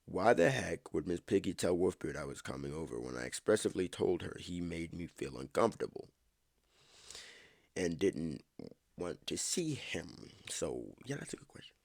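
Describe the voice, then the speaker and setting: A man's voice: low voice, animated, normal speed, gravelly, dry recording, clean studio sound. A man reading a story aloud as a podcast host, often stumbling, rereading lines and breaking off to comment on the text.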